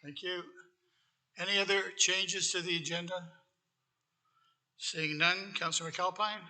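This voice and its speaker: A man acting as mayor, briskly chairing a council meeting through its procedures. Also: high voice, steady tone, bright, forceful tone. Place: council chamber.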